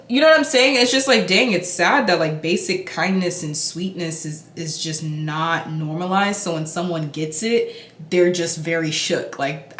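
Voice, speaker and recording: A woman's voice: fairly low pitch, moderate pace. A young woman in a get-ready-with-me vlog, chatting casually while she does her makeup. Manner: chatty and animated, talking while doing makeup. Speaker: beauty vlogger. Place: indoor room, hotel. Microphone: camera mic. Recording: echoey room.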